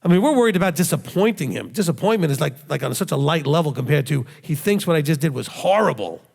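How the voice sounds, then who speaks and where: High-voiced man preaching in echoey hall. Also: expressive, fast, creaky, darkish tone, husky. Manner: emphatic, with rhetorical questions and self-answers. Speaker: rabbi teacher. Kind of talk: conversational sermon teaching. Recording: long hall reverb.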